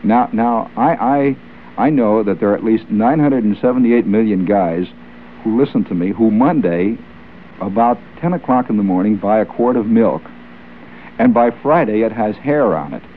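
A man's voice: fairly low pitch, animated, normal speed. Male radio host with a wisecracking manner, faint hiss on a lo-fi old radio recording. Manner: wry, joking, chuckling asides. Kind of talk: ad-libbed radio patter. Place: radio studio.

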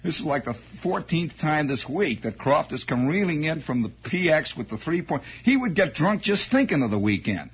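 Husky, lively-voiced male storyteller. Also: a little high, normal speed, hardly any pauses. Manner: digressive, repeats words, wry asides. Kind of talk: rambling anecdote monologue. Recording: dull lo-fi recording.

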